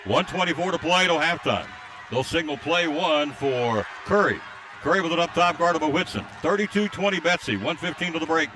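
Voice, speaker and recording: This is live play-by-play of a high school basketball game, delivered by a male announcer at courtside. He reads scores and listener greetings aloud, and his calls turn rapid and excited on fast plays over faint crowd noise.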